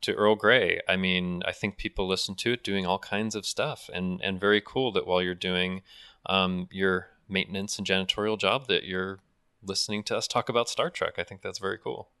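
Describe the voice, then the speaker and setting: A man co-hosting a casual podcast, chatting quickly and reading listener feedback aloud. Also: deep voice, fairly even intonation, sharp tone, clear, resonant tone, no echo, studio quality. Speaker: podcast co-host.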